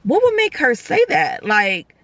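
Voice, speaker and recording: A young woman vlogger telling a personal story in casual chat, acting out the dialogue in quick, animated bursts. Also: fairly high pitch, dry recording.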